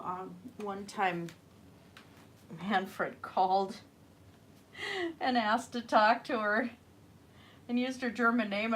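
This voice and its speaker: A woman with a medium-pitched, slightly bright voice chats casually as she paints on a livestream. The artist rambles and responds to viewer comments.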